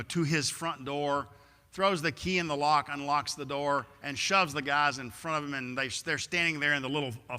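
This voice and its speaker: A male preacher spins a vivid story during a sermon and acts out the scenes as he goes. His voice is bright and sharp, a bit higher than average, and it reverberates through a church. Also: clear, resonant tone. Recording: echoey church hall.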